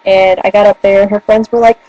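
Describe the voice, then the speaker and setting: A woman's voice: medium pitch, flat delivery, fast talker, mellow, no room sound, highs cut off. A young woman with a northern US accent, chatting casually in a rambling, giggly way. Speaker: vlogger. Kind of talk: casual chat. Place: room at home by a bookshelf.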